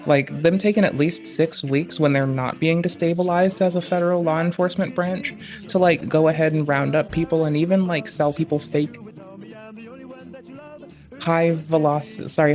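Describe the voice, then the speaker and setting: A man's voice: on the high side, little pitch movement, moderate pace, darkish tone, soft background music. A man streaming casual commentary, rambling and digressive with heavy slang and swearing. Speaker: streamer reacting to a debate.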